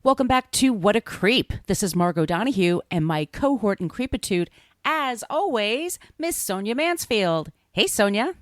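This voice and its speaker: Woman co-host, lilt, mid-pitched, chatty and loose, close dry mic. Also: expressive, normal speed, no room sound. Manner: chatty, laughs often, fillers and self-corrections. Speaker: podcast co-host. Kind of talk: casual podcast chat.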